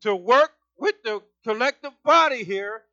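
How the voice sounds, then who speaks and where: A man preaching a sermon, fervent and emphatic, his voice climbing higher as he gets excited. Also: a little slow, no echo, muffled recording.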